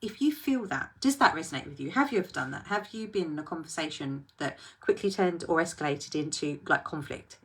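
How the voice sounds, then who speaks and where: A woman's voice: low-pitched, breathy edge. A woman, a coach talking earnestly to the camera, thinking aloud and speaking straight to the viewer. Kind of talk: reflective talk to camera.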